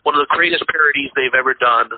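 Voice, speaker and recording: A man's voice: mid-range voice, quick pace. A man co-hosting a casual podcast chat about movies, rambling with lots of fillers and restarts. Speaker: podcast co-host. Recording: tinny phone-like line.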